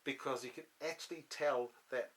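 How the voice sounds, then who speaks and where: A man's voice: medium pitch, fairly even intonation, moderate pace. A man hosting a casual studio chat, rambling with many restarts and ums, on a studio microphone. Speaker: host. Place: podcast studio.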